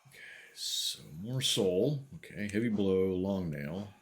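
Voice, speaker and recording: Very deep-voiced man streaming a game. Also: takes it slowly. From American Midwest. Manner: relaxed, wry, muttering to himself between remarks. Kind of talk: casual gameplay commentary chatting with viewers.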